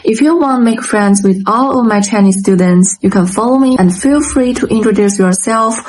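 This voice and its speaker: A woman's voice: mid-range voice, moderate pace, darkish tone. A woman who teaches English, explaining things plainly in a casual vlog to camera.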